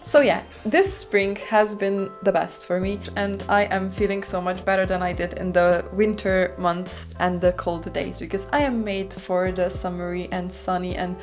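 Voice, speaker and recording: A woman's voice: on the low side, fairly even intonation, moderate pace, hardly any pauses, soft background music. A woman vlogging about her bullet journal in rambling, self-deprecating casual chat, speaking English as a non-native speaker. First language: not English. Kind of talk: casual chatty vlog.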